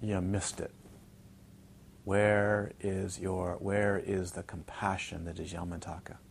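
A man teaching a dharma talk to retreat students, playful and animated, repeating words for emphasis and mimicking his students. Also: sits low, takes it slowly, gravelly, a little hiss or hum. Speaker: Buddhist teacher. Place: retreat centre teaching hall.

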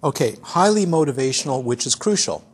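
A man's voice: mid-range voice, expressive, brisk, breathy edge. A man who teaches dharma, giving a talk to a group in a chatty storytelling way, often repeating and restarting his words.

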